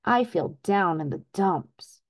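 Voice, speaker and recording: A woman's voice: lowish voice, lively intonation, slow, full character voice. A woman voicing a lazy, grumbling male toad from a storybook, reading his lines aloud in a protesting way. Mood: glum.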